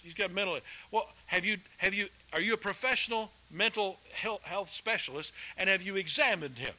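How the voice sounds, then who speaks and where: Emphatic preacher, bright ringing voice. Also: male voice, rough recording. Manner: emphatic preaching, rising loud for quotes and dropping low and quiet for asides; folksy, addresses listeners as folks. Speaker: pastor. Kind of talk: sermon.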